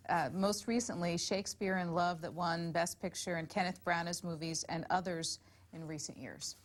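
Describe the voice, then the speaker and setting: A woman's voice: fairly low pitch, steady tone, normal speed. Woman hosting a call-in show. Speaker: call-in host. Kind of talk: announcing callers and reading emails.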